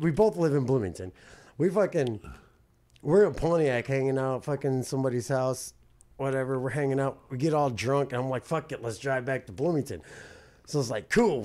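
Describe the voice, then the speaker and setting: A man's voice: medium pitch, dark tone. Man in his forties, profane and casual. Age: 40s. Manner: profane, reacts with laughs and short quips. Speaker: podcast co-host. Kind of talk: casual chat.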